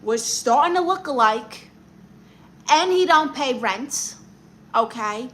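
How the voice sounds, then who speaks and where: Brassy Brooklyn woman with a bright voice. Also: high-pitched, lively intonation, takes it slowly, slight background noise. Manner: brassy, blunt and sassy, calls people honey. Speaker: livestream host giving comic advice. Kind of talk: comic livestream chat reading viewer comments.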